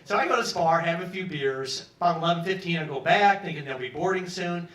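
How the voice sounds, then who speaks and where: Bright-voiced man in his sixties spinning a yarn. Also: a little high, fairly quick. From Peoria, Illinois, US. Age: 60s. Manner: animated, acts out other people's lines, profane. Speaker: storyteller. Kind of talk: live storytelling monologue. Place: pub stage. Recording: roomy, from some distance.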